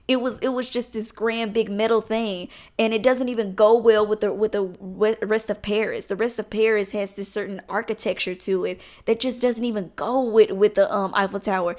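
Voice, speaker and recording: A woman's voice: mid-range voice, steady tone, normal speed, few pauses, darkish tone. A young woman talking straight to camera in a casual vlog, candid and blunt, swearing freely and rambling as thoughts come to her. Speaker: vlogger.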